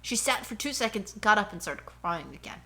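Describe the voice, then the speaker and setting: A woman co-hosting a casual podcast at home, ranting in a rambling, animated way into a cheap headphone mic. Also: mid-range voice, normal speed. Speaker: podcast co-host.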